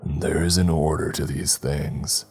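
A man voicing a frail, cruel old grandfather who speaks in a slow, wheezing croak, over faint music. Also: rumbling low, steady tone, darkish tone, heavily acted. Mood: croaking menace.

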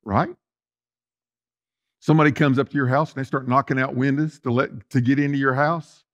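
Here a pastor, male, gives a folksy sermon directly to his flock, swinging from loud stresses to soft side remarks. The voice is mid-range, the tone level, and the pace quick.

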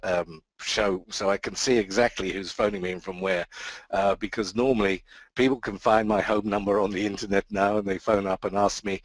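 A man's voice: on the low side, fairly quick, no echo, rough recording. A middle-aged man from the Isle of Wight with a Southern English accent, presenting a trading webinar in a chatty, self-deprecating storytelling way over a computer mic. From Isle of Wight, England.

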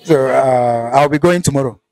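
Nigerian male interviewer, polite and measured, mid pitch. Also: gravelly, darkish tone, no room sound. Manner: polite, measured, stumbles when improvising. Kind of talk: casual interview questions.

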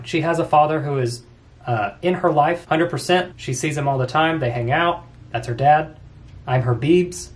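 A man in his twenties reading viewer comments aloud and answering them with quick jokes and frequent laughs, in a casual vlog. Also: a little high. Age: 20s. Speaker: YouTuber answering fan questions.

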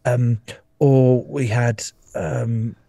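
A man's voice: medium pitch, little pitch movement, very slow, creaky, dark tone, no echo, clean studio sound. A man on a video call chatting about his podcast, rambling and swearing, laughing often. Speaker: podcast guest. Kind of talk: casual chat.

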